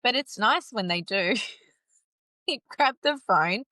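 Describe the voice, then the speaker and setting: Woman telling her story, halting, lots of restarts and nervous laughs, dry close sound. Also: mid-range voice, animated, sharp tone, no room sound. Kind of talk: emotional personal interview.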